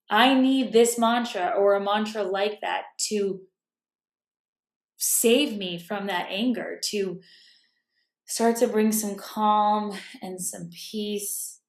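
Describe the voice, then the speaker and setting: Woman self-help speaker, thoughtful and casual, with a touch of vocal fry, recorded in a roomy, echoey space at home. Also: medium pitch, steady tone, slow. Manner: thoughtful, self-correcting, drops to a whisper at times. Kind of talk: casual reflective talk. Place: room at home.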